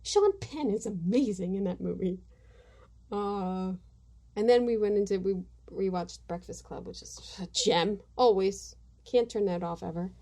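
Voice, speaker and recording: Speaking unhurriedly in a mellow, medium-pitched voice, a middle-aged podcast host rambles through a casual chat at home. She pokes fun at herself, and household sounds drift in around her.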